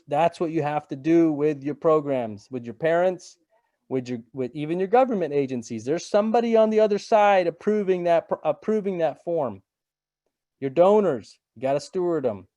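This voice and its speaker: A man's voice: a little high, lively intonation, normal speed, mellow, no room sound, clean studio sound. A middle-aged man giving a webinar presentation in a casual, conversational way, repeating phrases and checking in with "right?".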